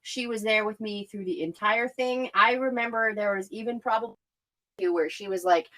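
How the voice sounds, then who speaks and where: A woman's voice: mid-range voice, moderate pace, pushed and bright, low-quality recording. A young woman co-hosting a podcast, telling a story in casual chat, candid and swearing freely with bursts of laughter. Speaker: podcast co-host.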